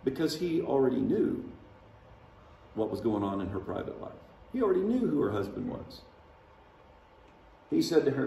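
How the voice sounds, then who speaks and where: Very animated and pausing often, a pastor preaches at a moderate pace in a medium-pitched, dark voice with vocal fry. His conversational sermon includes dramatic voiced quotes, recorded from far off in an echoey large church sanctuary with slight background noise.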